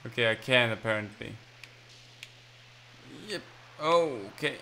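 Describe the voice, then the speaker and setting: A gaming channel host gives casual let's-play commentary, rambling and mocking himself as he plays. His mid-range voice is slow yet lively in intonation, pushed and bright, over a little hiss or hum.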